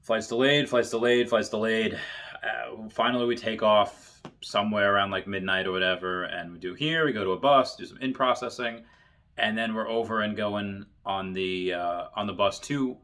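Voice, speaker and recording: A man's voice: fairly low pitch, fairly even intonation, normal speed, fairly bright tone. A man, a military veteran, casually reading funny stories and laughing often at them.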